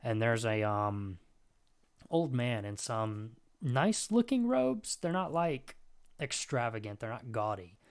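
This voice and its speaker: A man's voice: medium pitch, takes it slowly. A man narrating as game master, describing scenes in a loose, rambling way. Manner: relaxed, rambling description with fillers.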